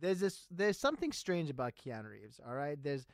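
A man's voice: on the high side, sing-song, fairly quick, no room sound, clean studio sound. A man co-hosting a podcast, debating in a playful, teasing way and laughing often. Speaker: podcast co-host. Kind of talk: casual comedic debate.

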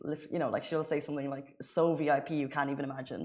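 A woman co-hosting a casual news chat show, talking in a chatty way with quick asides and easy laughter. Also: a bass voice, little pitch movement, a little mellow. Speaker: show co-host.

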